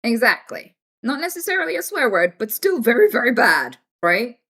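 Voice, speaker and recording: British woman, young, high-ish voice, lively swooping pitch, blunt and sweary, casual stream chat. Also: moderate pace, husky. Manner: frank, swears freely, animated storytelling. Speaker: livestreamer.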